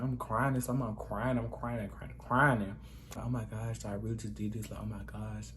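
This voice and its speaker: A young man in a casual storytime vlog, with an ordinary mid-pitched voice. He talks in a gossipy, chatty way and keeps calling the listener "girl". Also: slight background noise. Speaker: vlogger.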